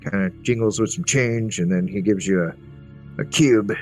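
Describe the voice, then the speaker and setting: A man's voice: fairly low pitch, moderate pace, darkish tone. A man narrating a tabletop game as game master in a loose, casual way with many fillers. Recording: faint background music.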